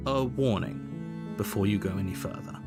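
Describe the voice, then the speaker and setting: A man voicing a calm, measured narrator in a game, speaking in a formal, matter-of-fact way. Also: fairly low pitch, gravelly. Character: calm, measured male narrator, omniscient and dry. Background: game guitar music.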